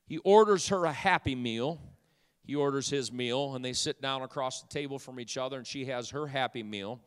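A man's voice: medium pitch, fairly bright tone, clear, resonant tone. A man preaching a playful sermon to a congregation, joking at first and then rising into fervent proclamation. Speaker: pastor. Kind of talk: humorous sermon. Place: church sanctuary. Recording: long reverb in a church hall.

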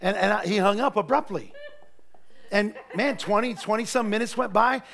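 Pastor, middle-aged man, very high gravelly voice, jokey anecdotes rising to shouting. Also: normal speed. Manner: folksy joking storytelling that builds to shouted preaching. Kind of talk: sermon. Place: church.

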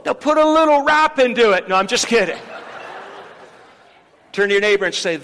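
A man's voice: sits high, brisk, long pauses, a little hiss or hum. A man preaching a sermon as pastor in a church, rallying the congregation to repeat a verse aloud. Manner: leads the congregation in loud call-and-response. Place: church sanctuary. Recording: long hall reverb.

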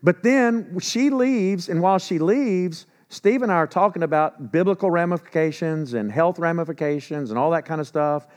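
A man preaching a sermon in an animated way, with sarcastic humor and quiet asides when telling stories. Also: a little high, moderate pace, few pauses. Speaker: pastor.

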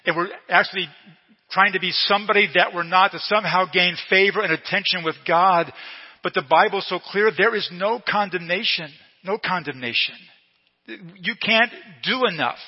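A middle-aged male pastor preaching a sermon slowly and emphatically, repeating key phrases. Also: sits high. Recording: long reverb in a hall, dull lo-fi sound.

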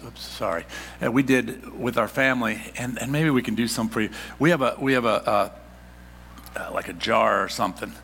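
In a large hall with slight background noise, a middle-aged pastor delivers a sermon in a medium-pitched voice. He is animated and exclamatory, frequently stammering and repeating words as he drives his points home.

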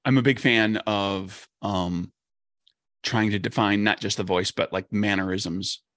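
A man's voice: lowish voice, fairly even intonation, a little slow, fairly bright tone, no room sound, clean studio sound. A man, a game designer, talking casually and rambling with lots of "like" and restarts. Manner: rambling, heavy use of "like" and restarts. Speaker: game designer on a discussion panel. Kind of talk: casual discussion.

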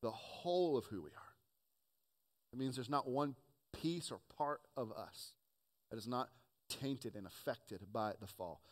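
A man preaching a sermon with earnest emphasis, rising to loud points and dropping to quiet asides. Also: mid-range voice, expressive, measured pace, long pauses. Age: adult, has children. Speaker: pastor.

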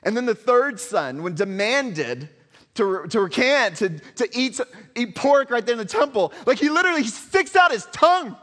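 A male pastor preaching a sermon, telling a story dramatically and swinging between loud and hushed. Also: very high voice, lively intonation, normal speed. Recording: long hall reverb.

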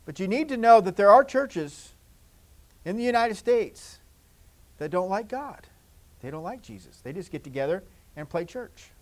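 A man preaching a children's sermon in church, gentle and repetitive, swinging from loud to hushed. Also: high-pitched, animated, normal speed, pauses often. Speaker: pastor.

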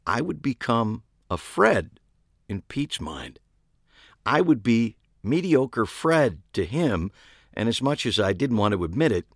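A man's voice: fairly low pitch, no echo. A man narrating a story in the first person, dry and wry in tone. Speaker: audiobook narrator.

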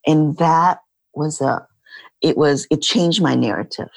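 Middle-aged female guest, husky with a gravelly edge, reflective and halting, dry recording. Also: sits low, a little mellow, dry recording. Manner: halting, reflective, many fillers. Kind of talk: casual interview talk.

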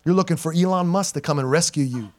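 Brief: middle-aged male pastor, high voice, animated sermon with call-and-response, dynamic swings from loud to quiet. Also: fast talker. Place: church sanctuary before a congregation.

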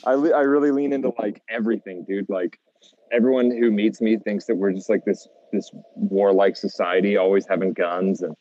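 A laid-back young American man with a low voice, talking casually on a podcast and saying "dude" often. His sound is dry and a little dull and muffled. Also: darkish tone, no echo. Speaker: podcast co-host.

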